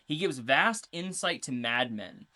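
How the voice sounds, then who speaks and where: Bright-voiced woman explaining lore. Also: rumbling low, lively intonation, a little slow. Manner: chatty, reads notes, filler-heavy. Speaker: podcast co-host. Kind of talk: casual chat explaining game lore.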